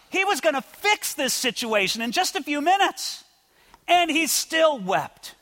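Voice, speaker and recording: Impassioned high-voiced preacher in a hall. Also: male voice. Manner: impassioned, swings between loud declarations and soft intimate asides. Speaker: pastor. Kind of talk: sermon.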